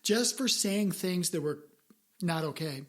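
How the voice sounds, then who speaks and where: A woman's voice: lowish voice, lively intonation, unhurried. A woman hosting a podcast, chatting casually in an earnest, rambling way with frequent restarts. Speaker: podcast host. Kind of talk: casual chat.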